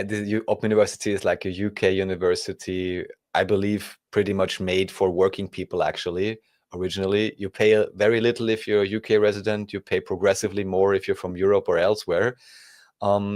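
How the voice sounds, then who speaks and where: A man's voice: sits low, darkish tone, dry recording, clean studio sound. A man explaining things casually in a hesitant, hedging way. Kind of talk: casual chat.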